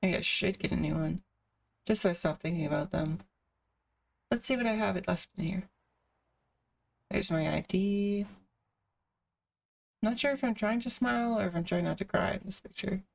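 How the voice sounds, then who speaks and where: A woman's voice: medium pitch, moderate pace, creaky, pauses often, distant mic. A woman streamer reading a visual novel aloud, with casual asides between the narration.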